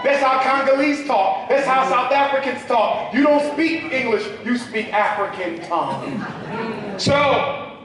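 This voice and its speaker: A man's voice: very high-pitched, fairly bright tone, far from the mic. A man giving a talk to a live audience, preacherly, drawing call-and-response from the crowd. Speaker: speaker at a public talk. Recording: echoey hall, mic from afar.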